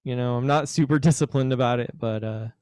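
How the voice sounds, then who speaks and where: Hosting a laid-back podcast conversation, a man teases, rambles, and slips into a joke British accent. His medium-pitched voice runs a little fast and sounds dark and smooth, recorded at studio quality with no room sound.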